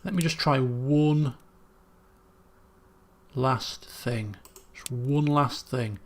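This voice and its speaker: A man's voice: medium pitch, very slow. A man, thinking aloud as he streams a puzzle game, muttering guesses and restarting sentences. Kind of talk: casual gameplay commentary.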